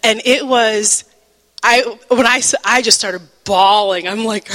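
A woman's voice: on the high side, steady tone, a bit bright, big-room sound, low-quality recording. Emotional woman sharing a faith testimony. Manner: emotional, halting, many fillers and restarts; breaks into laughter. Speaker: Bible teacher. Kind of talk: personal testimony teaching.

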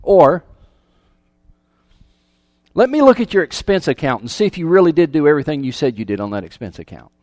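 With a fairly high, sing-song, slightly mellow voice, a pastor preaches briskly but leaves long pauses. He keeps it conversational, questioning his listeners and often repeating words, and the recording is dry.

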